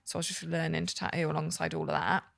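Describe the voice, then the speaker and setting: A young woman from Hereford, England, guesting on a podcast. She talks in a low, gravelly voice with plenty of vocal fry. Her stories ramble along with easy fillers and quick laughs. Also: flat delivery, no echo, clean studio sound. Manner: chatty storyteller, fillers and laughs. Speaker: tattoo artist, podcast guest. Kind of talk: casual chat.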